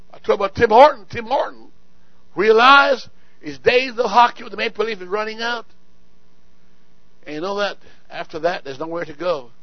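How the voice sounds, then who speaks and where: High-voiced preacher who shouts and repeats. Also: male voice, muffled recording. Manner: swings from low asides to shouted exhortation, repeats words. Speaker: pastor. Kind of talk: sermon. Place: church sanctuary.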